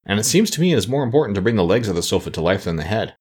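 A man's voice: lowish voice, big pitch swings, rapid-fire, darkish tone, husky. A man voicing an earnest, nervous young boy in a storybook reading. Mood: anxious.

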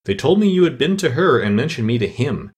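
A man's voice: mid-range voice, big pitch swings, fairly quick, darkish tone, breathy edge. Timid rabbit courtier, careful recitation, read by a man. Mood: reciting.

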